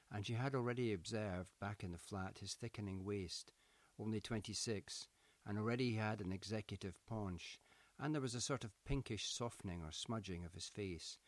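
A man narrating an audiobook in a low voice, reading with a measured, descriptive pace. The recording is close and dry, with no room sound behind him. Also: dry recording.

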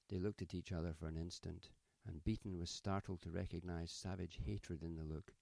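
A man narrating a story in a measured, even audiobook manner. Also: low-pitched, gravelly, no echo.

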